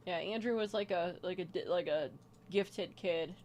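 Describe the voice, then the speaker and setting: A woman co-hosting a casual game chat, blunt and jokey, with excited swearing outbursts. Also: fairly low pitch, moderate pace, a little hiss or hum. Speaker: podcast co-host.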